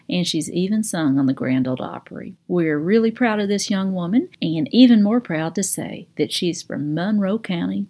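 A woman hosting a food radio show in a gentle, homey, scripted way. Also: on the low side.

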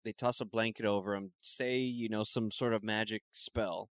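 An easygoing man chats in a rather low voice, laughing along and pausing on fillers. He sits close to a dry microphone with no room echo. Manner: laughs often, relaxed with filler words. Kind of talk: casual chat.

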